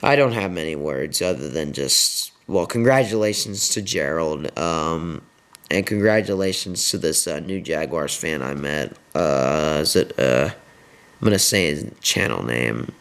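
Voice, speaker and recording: A man's voice: rumbling low, lively intonation, a little slow, fairly bright tone, clean tone. A young man hosting his own sports video, rambling with many fillers through a frustrated post-game rant. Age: young adult. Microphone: headset.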